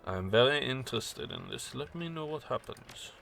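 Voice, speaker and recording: A man's voice: mid-range voice, lively intonation, normal speed, gravelly, a bit bright, slight background noise. A man voicing a courtly male information broker who speaks in a polite, ornate way. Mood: pleased.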